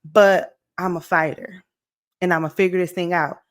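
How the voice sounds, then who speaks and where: A woman about to turn forty, giving an energetic, encouraging motivational talk to her viewers, checking in often with "okay?" and "right?". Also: fairly low pitch, normal speed. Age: late 30s. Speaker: motivational vlogger. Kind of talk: casual motivational talk to camera.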